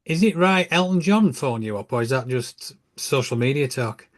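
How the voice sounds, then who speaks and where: A man's voice: medium pitch, animated, moderate pace. A man co-hosting a casual podcast interview, upbeat, asking questions with laughter. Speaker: podcast co-host.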